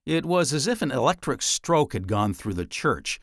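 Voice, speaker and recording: A man narrating a nonfiction audiobook in a measured, deliberate way, with dramatic pauses. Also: mid-range voice, very animated, fairly bright tone, dry recording, studio quality.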